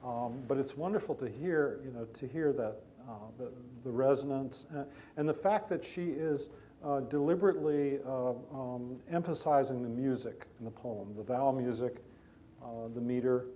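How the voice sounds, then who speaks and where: A man speaking as a biographer at a festival event, thoughtful and analytical, often pausing and restarting. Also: medium pitch, mellow, a little hiss or hum. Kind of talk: literary talk at a festival. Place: stage event before an audience.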